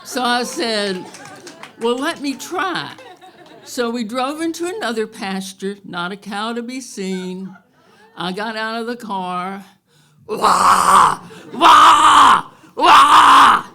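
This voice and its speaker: Woman, live stage storyteller, slow and deliberate, bright clear tone, wry chuckles. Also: on the high side, animated, a faint crowd. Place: stage before a live audience.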